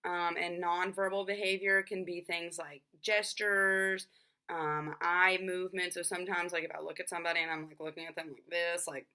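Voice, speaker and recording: A woman's voice: on the low side, little pitch movement, moderate pace, bright, forceful tone. A young woman explaining a topic in a casual, chatty way, full of fillers like "um" and "like". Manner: filler-heavy, frequent "like" and "um". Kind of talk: casual spoken explanation to camera.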